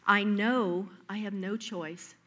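A woman preaching a sermon, telling personal stories in a lively, emphatic way. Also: mid-range voice, slow.

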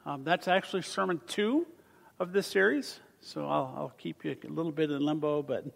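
Male pastor, voice on the high side, dynamic sermon delivery, big hall reverb. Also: moderate pace, gravelly. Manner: animated, swings between loud emphasis and soft asides. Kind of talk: sermon with scripture reading. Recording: long reverb of a large hall.

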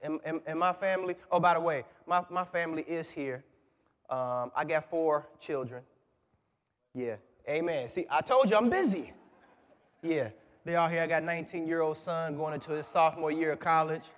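A man in his forties, a guest preacher, giving a sermon in a lively, joking, conversational way. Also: fairly high pitch, moderate pace. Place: large church. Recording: church with long reverb. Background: congregation.

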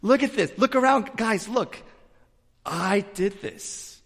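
Man doing a proud ancient king, boastful, loud and drawn-out, raised pitch, echoey church hall. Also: animated, vocal fry, exaggerated voice.

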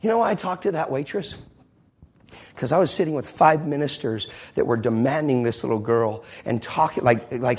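A man's voice: mid-range voice, moderate pace, darkish tone, breathy edge. A pastor preaching a fervent sermon to his congregation in church, asking many rhetorical questions.

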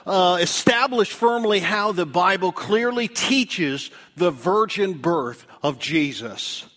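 A man with a high voice preaching a sermon to his congregation. He tells stories with wide swings in pitch. He drops low and soft to press his main points. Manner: storytelling with big pitch swings, dropping low and soft for emphasis. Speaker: pastor. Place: church.

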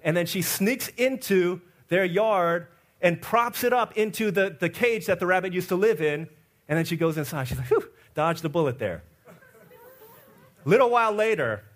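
A man preaching an Easter sermon as pastor, telling stories and acting out the people in them, swinging between loud excited asides and quiet, low passages. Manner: acts out the people in his stories with lively quoted voices.

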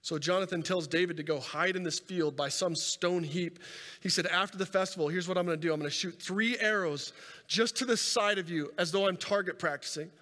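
A man preaching a sermon and telling a scripture story with animated delivery, swinging between loud and soft and repeating words as he goes. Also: high voice, fairly quick. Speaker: pastor. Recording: reverberant hall sound.

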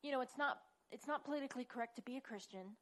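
Tearful woman speaking haltingly. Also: high voice, poor audio. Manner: hesitant, halting. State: near tears. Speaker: class member. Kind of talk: sharing a personal struggle.

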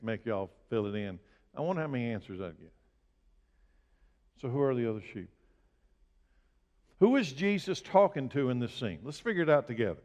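A male pastor preaching a sermon, asking his congregation direct questions and building to emphatic, loud bursts. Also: medium pitch. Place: church sanctuary. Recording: long reverb of a large hall.

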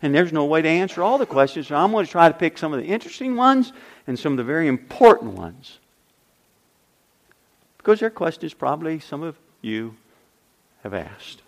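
A man's voice: fairly high pitch, big pitch swings, moderate pace, pauses often. An older man preaching a sermon as pastor, emphatic, with repeated refrains and rhetorical questions.

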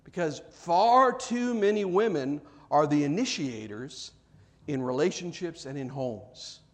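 Guy preaching, pretty high voice, goes big and jokey then gets soft and earnest. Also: a little slow. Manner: animated, acts out quoted voices, jokes with congregation; drops to soft, earnest tones for serious points. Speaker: pastor. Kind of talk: sermon.

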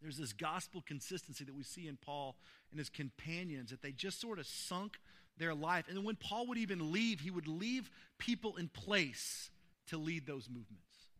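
Earnest pastor with a bright voice. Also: male voice, high-pitched. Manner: earnest, builds to emphatic peaks, tells personal stories. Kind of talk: sermon.

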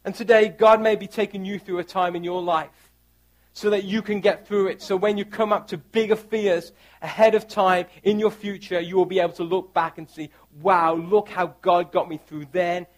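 A pastor preaching a sermon, reading scripture aloud with earnest, rising emphasis. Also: male voice, high-pitched, steady tone, moderate pace.

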